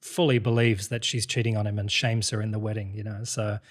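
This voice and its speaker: A man's voice: fairly low pitch, level tone, fairly quick. A man coaching an actor through a Shakespeare speech, explaining rhythm and word choice. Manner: encouraging, analytical, many restarts. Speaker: acting coach.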